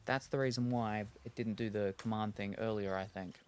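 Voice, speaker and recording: A man's voice: fairly low pitch, fairly even intonation, normal speed, clear, resonant tone. A man streaming a game, chatting casually and thinking aloud, with lots of fillers and restarts. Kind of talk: casual chat while gaming.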